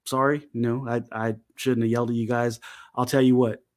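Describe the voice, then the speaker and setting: A middle-aged man telling a long, profane family story in a casual chat, animated and laughing. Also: medium pitch, fairly quick. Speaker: co-host.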